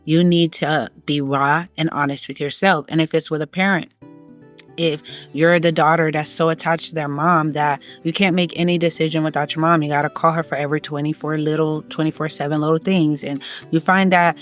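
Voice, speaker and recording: A woman's voice: sits low, fairly even intonation, a little fast, faint music behind. A woman giving motivational advice in a monologue, emphatic and preachy, repeating her key phrases for stress. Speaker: self-help vlogger.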